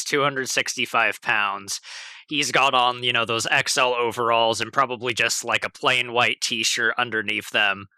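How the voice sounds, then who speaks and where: A man describing his character in a tabletop game, relaxed and unhurried. His voice is very bright and crisp, with a dry, close sound. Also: medium pitch, dry recording. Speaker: player.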